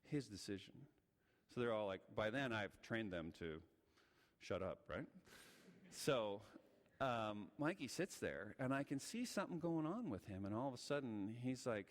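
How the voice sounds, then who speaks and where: Animated man telling a sermon story. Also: mid-range voice, normal speed. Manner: animated, acts out the voices in his story. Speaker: guest speaker. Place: church sanctuary. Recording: church hall reverb.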